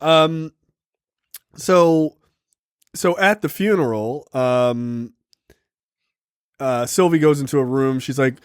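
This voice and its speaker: A man's voice: mid-range voice, slow, long pauses, clear, resonant tone, dry recording, studio quality. A man co-hosting a podcast, casually recapping a film with lots of fillers and playful acted quotes. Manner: animated retelling with many fillers and acted quotes. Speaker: podcast co-host. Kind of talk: casual film review chat.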